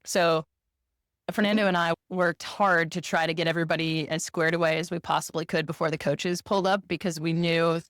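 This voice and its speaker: A woman in a casual conversation, reflective and animated as she tells a story. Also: fairly low pitch, brisk, no echo, clean studio sound. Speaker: podcast co-host.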